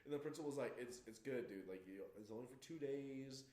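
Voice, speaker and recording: A young man co-hosting a podcast, telling school stories in casual chat and squeaking up for acted quotes. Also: fast talker, warm tone, reverberant. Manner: laughing storyteller, swings into squeaky acted quotes. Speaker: podcast co-host.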